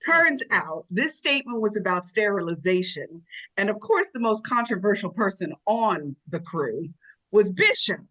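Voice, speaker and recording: A woman co-hosting a radio talk show, telling her stories with emphatic, animated delivery. Her voice sits at an ordinary mid pitch. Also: moderate pace, rough recording. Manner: warm, emphatic, storytelling. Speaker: radio co-host. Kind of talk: casual radio chat.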